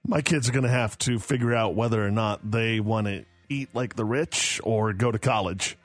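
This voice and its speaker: A man's voice: on the low side, normal speed, dry recording, soft background music. A man hosting a morning radio show, chatting casually and joking with his co-host. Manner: joking, stammers and laughs a lot.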